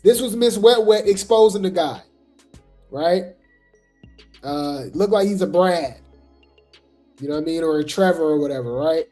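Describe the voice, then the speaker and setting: A host giving casual gossip commentary on reality TV, talking chattily and filling pauses with "right?" and "you know". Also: mid-range voice, lively intonation, dark tone, faint music behind. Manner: chatty, full of fillers and "right?" asides.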